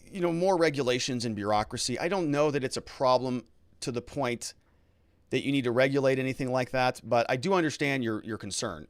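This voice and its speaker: A man's voice: medium pitch, dry recording. A man, a lawyer, hosting a casual livestream, talking through legal news and reading viewer comments in a conversational, hedging way.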